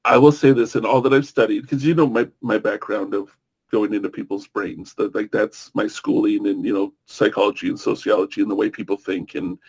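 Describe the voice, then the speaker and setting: A man's voice: lowish voice, fairly even intonation, a little fast, a little mellow, slightly rough, poor audio. A man hosting a casual podcast, enthusiastic and rambling, with casual swearing. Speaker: podcast host.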